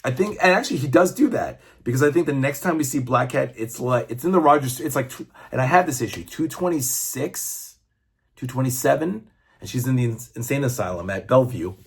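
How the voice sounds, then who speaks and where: A man's voice: medium pitch, lively intonation, fairly quick, breathy edge. A man in his fifties, a comic book reviewer, chatting casually and enthusiastically, rambling and swearing now and then. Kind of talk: casual chat.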